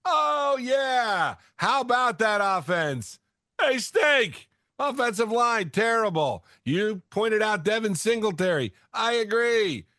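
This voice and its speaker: Brief: male co-host, high and very lively pitch, playful rants, dry close sound. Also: slow pace, dry recording. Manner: animated, ranting, playful. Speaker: fantasy football podcast co-host. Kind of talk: casual sports chat.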